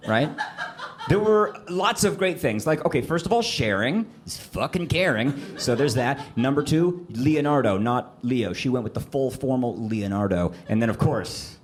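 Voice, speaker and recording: A man's voice: mid-range voice, moderate pace. A man performing a stand-up set on a comedy club stage, telling stories and acting out dialogue into a handheld mic. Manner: animated storytelling, acting out dialogue. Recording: live club audio with room noise. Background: audience laughter.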